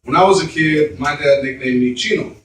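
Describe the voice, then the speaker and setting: A man's voice: fairly high pitch, fairly quick, a bit bright, slight background noise. A man doing stand-up, telling a long story full of swearing and fillers, with an audience laughing. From Mexican heritage. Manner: profane, rambling, many fillers. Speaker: stand-up comedian. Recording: roomy club recorded from a distance.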